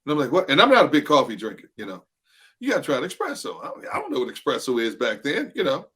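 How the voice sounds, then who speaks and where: A man's voice: mid-range voice, wildly swooping pitch, fast, bright, forceful tone, slightly rough. A man guesting as a football analyst, telling stories animatedly in casual chat and laughing often.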